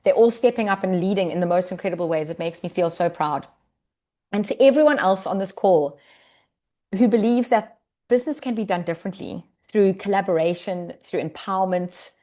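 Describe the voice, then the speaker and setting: Woman, low-ish voice, sincere and tearful motivational speech; earnest delivery. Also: dark tone. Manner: emotional and earnest, near tears. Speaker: wellness business leader sharing her success. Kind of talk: heartfelt recognition speech on a business call.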